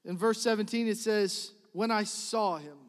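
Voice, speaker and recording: Male pastor, high voice, emphatic sermon delivery that rises and falls, long hall echo behind. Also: normal speed. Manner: emphatic, repetitive preaching that swings from loud builds to soft drops.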